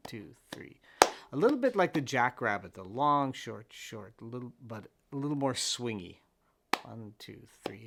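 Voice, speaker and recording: A man's voice: medium pitch, background noise. Patient man teaching fiddle. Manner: patient, counts beats aloud. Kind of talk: step-by-step instrument lesson. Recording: with fiddle playing in between.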